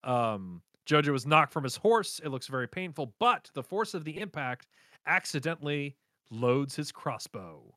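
A man co-hosting a casual podcast, animatedly retelling an anime plot with quick voice impressions and laughter. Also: fairly high pitch, sing-song, pushed and bright, no echo, clean studio sound. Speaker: podcast co-host recapping an anime. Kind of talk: casual chat.

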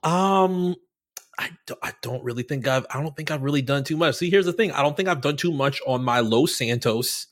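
A man co-hosting a podcast in casual chat, loose and profane, who often drops into a deep voice when quoting. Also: normal speed. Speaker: podcast co-host.

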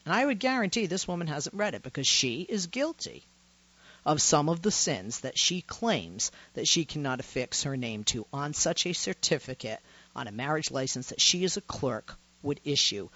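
A woman's voice: low-pitched, a bit bright, no echo, lo-fi sound. A woman from the Boston area with a Boston accent, hosting a talk radio show and delivering an indignant, sarcastic monologue full of rhetorical questions.

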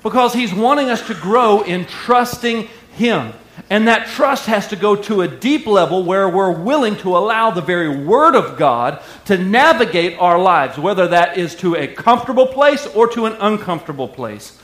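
A male pastor preaching a sermon with energetic call-and-response delivery. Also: sits high, normal speed. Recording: echoey hall.

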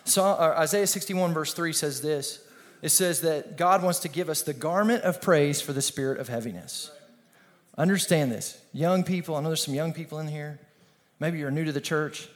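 Lively preaching man, slightly high voice. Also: normal speed. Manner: energetic, conversational preaching with call-and-response. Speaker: pastor. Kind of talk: sermon.

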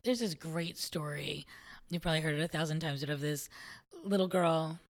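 A woman in a relaxed conversation, reflectively telling a personal story and laughing easily. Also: low voice, moderate pace. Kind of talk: conversational podcast chat.

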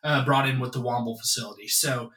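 A man's voice: mid-range voice, steady tone, fast talker, sharp tone. A man co-hosting a sports podcast, emphatic and hyped, talking up his own picks. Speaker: podcast co-host. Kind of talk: casual sports chat. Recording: echoey room, mic at a distance.

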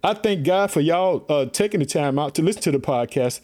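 A man's voice: on the high side, expressive, brisk, a little mellow. A man from Illinois preaching a podcast sermon, fervent and repetitive, calling out to his listeners again and again. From Illinois, USA. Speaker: pastor and podcast host.

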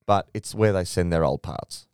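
A man co-hosting a casual sports podcast, telling stories with lively mimicry of team radio. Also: sits low, moderate pace, smooth, dry recording, studio quality. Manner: animated storytelling, mimics radio chatter. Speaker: podcast co-host.

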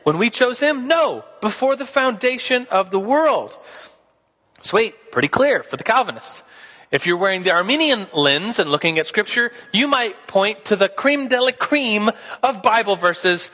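A man's voice: high-pitched, lively intonation, normal speed, bright, forceful tone, long reverb tail. A man teaching a Sunday school class in a casual, playful way, acting out both sides of a debate.

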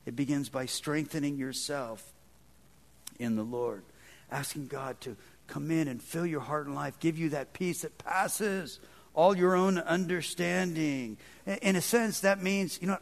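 A man preaching a sermon as pastor, in a conversational way that swings between loud emphatic stretches and soft low passages. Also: unhurried, gravelly. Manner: conversational, with frequent "man" and "kind of".

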